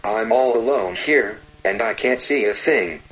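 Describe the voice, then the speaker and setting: A man's voice: lowish voice, unhurried, a bit bright, poor audio. Man playing a scared little girl. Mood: frightened. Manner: fearful, pleading. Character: frightened little girl, cute and timid.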